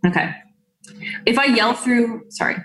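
A woman's voice: a little high, unhurried, a bit bright, echoey room, low-quality recording. A woman playing a tabletop game, chatty and asking questions. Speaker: player. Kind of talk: casual tabletop game play.

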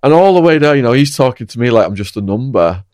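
A man's voice: mid-range voice, expressive, quick pace, a little mellow, no room sound, clean studio sound. A man chatting casually and telling his own story in a matter-of-fact way. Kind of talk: casual conversation.

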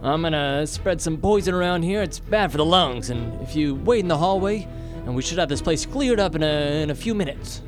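A man voicing a fast-talking dwarf custodian who bluffs eagerly. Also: a little high, lively intonation, over music, voice pushed up, lightly acted. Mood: bluffing.

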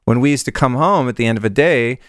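Smooth-voiced man host, dry sound. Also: medium pitch, quick pace, no echo. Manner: candid, shares personal stories. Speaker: podcast host. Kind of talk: casual interview talk.

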